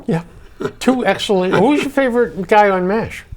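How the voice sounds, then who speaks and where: An older man hosting a casual chat, telling jokey stories in an animated way. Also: high voice, normal speed, a little hiss or hum. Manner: animated, joking storyteller. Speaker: host.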